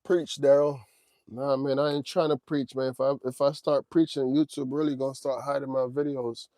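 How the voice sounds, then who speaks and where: A man's voice: medium pitch, flat delivery, normal speed, dark tone, dry recording. A man in his forties hosting a trucking livestream, talking casually and directly to his chat. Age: 40s. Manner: laid-back, talks straight to chat, drawls "man" and "y'all".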